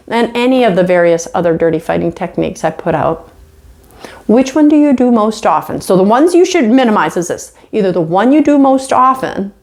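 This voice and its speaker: Brief: middle-aged female instructor, conversational lecture video, animated and self-mocking. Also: medium pitch. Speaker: college instructor.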